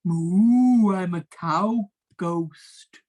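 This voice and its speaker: A woman's voice: high-pitched, very animated, slow, a bit bright, voice pushed up, full character voice. A woman voicing a naive dead female cow ghost who squeals and swoops in an improvised comedy scene. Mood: dazed. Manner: wide swooping squeals, wounded and gullible.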